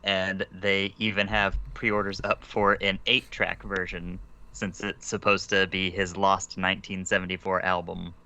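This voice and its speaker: A man co-hosts a podcast in casual, deadpan chat. His voice is very low but bright and clear. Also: unhurried. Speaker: podcast co-host.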